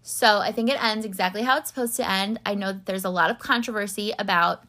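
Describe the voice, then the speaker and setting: A woman's voice: medium pitch, fast, sharp tone. Chatty woman rambling through a recap. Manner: chatty, rambling, filler-heavy, gets teary. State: tearful. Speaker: podcast host recapping a TV series. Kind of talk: casual chat.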